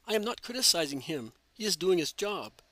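A man reading as a sharp-tongued old mother-in-law. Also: fairly high pitch, a little fast, no room sound, close to an everyday voice. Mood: scolding. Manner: nagging, reproachful.

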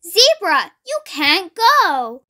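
A woman's voice: very high voice, very animated, very slow, bright, forceful tone, heavily acted. A young woman reading a clever elephant who teases in a dry, sensible way for a storybook. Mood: warning.

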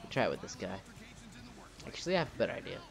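Deep and creaky, this young man's voice swoops wildly in pitch as he races through casual let's-play commentary. He narrates his own moves over game music and swears at the game when it goes wrong.

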